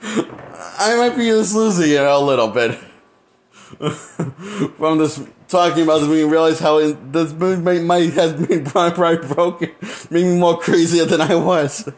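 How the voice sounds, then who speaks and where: A man giving a casual movie review, incredulous and animated, often repeating himself and laughing nervously. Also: on the high side. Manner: repeats himself, halting restarts. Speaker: movie critic.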